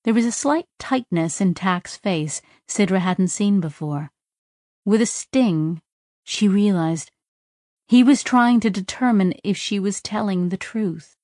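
At a medium pitch, a woman narrates an audiobook from a script, calm and even in her storytelling. The sound is studio quality with no echo.

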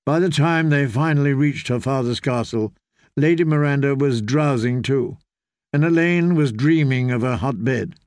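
A man narrating a fantasy novel in a measured storytelling manner. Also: medium pitch, darkish tone, dry recording, clean studio sound. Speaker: audiobook narrator.

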